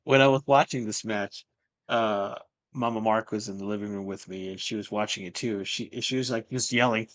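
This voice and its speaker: A man's voice: lowish voice, moderate pace. Casual man swearing in chat. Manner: profane, animated storytelling.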